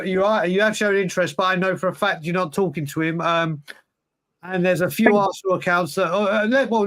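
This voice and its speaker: Male podcast co-host, high pitch, emphatic and rambling. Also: fairly bright tone. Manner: rambling, restarts, emphatic opinions. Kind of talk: casual football chat.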